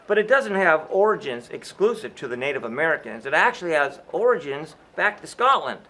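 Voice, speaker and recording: A man's voice: a little high, very animated, a little fast, sharp tone. A man hosting a homemade show, chatting casually while explaining a recipe step by step. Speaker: show host playing a sheriff. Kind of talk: casual cooking demonstration.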